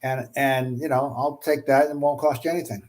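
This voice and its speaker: A man's voice: medium pitch, fairly even intonation, fairly quick, a little mellow, slight background noise. Rambling man telling a story. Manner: rambling, with many restarts and asides. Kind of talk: casual chat, storytelling.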